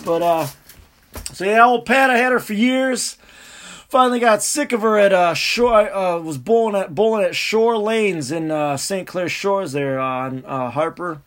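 A man telling a rambling, profane, animated story in casual chat. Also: high voice, measured pace.

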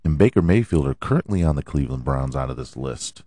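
A man hosting a podcast, hoarse from allergies and often clearing his throat, ranting about football with lots of swearing and rhetorical questions. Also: very deep voice, animated, fast talker, mellow, no echo, studio quality. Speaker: podcast host. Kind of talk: casual sports rant.

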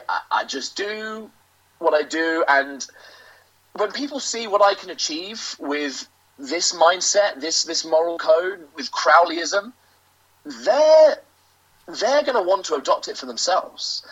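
A British man, a professional wrestler, delivering a grandiose, self-aggrandizing in-character promo with theatrical pauses. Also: a little high, a bit bright, breathy edge. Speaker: professional wrestler, interview guest. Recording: lo-fi dull audio.

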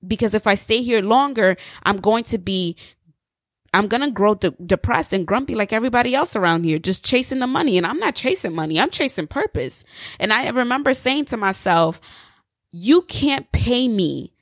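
A young woman telling a personal story in an emphatic, expressive, preachy way. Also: fairly high pitch, brisk, no echo, clean studio sound. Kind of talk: personal testimony monologue.

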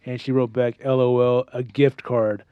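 A man's voice: medium pitch, little pitch movement, normal speed, dry recording. A man co-hosting a casual chat, telling rambling stories and jokes. The recording is slightly dull and dry, with no room sound. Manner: rambling, joking, storytelling.

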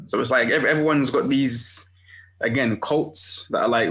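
Gravelly-voiced man musing reflectively. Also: medium pitch, moderate pace, fairly bright tone, low-quality recording. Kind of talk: casual chat.

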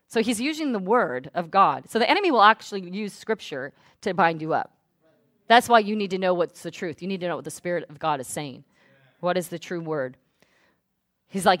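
A woman pastor preaching a sermon. She swings from hushed asides to loud, fervent declarations. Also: mid-range voice, very animated, normal speed, no echo. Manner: speaks in tongues at full volume.

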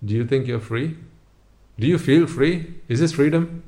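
A man in a motivational talk who keeps turning to the listener with pointed rhetorical questions. His pitch sits in an ordinary middle range for a man. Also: a little slow, warm tone. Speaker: speaker addressing listeners.

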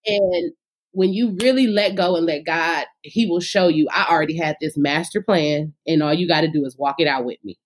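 A woman's voice: deep voice, moderate pace. A woman in her thirties, a singer talking about her faith and career in a casual podcast interview, speaking with fervor. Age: 30s.

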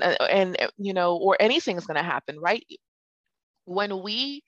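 A woman giving a relaxed, rambling spiritual talk on conscious parenting, with many fillers and restarts. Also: medium pitch, dry recording. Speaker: parenting speaker. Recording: dry, slightly dull lo-fi sound.

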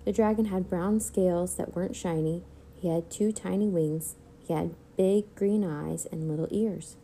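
A woman reads a children's chapter book aloud, telling the story evenly. Her voice sits on the low side with a gravelly, creaky texture. The tone is dark and mellow rather than bright. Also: steady tone, normal speed, slight background noise. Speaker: read-aloud narrator.

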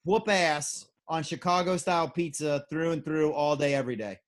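A man's voice: fairly high pitch, normal speed. A man hosting a surf podcast, teasing his co-host and his guest in a playful way. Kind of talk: casual chat.

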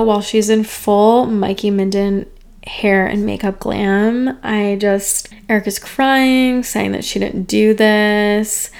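A woman's voice: mid-range voice, a little mellow. A woman hosting a casual reality TV recap, talking in a chatty, opinionated way with sarcastic asides.

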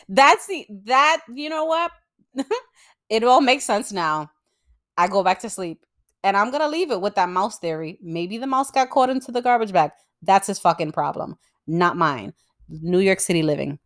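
A young woman podcast host telling a story in an animated, profane, casual way. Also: mid-range voice. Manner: animated and profane, with expressive swings in loudness.

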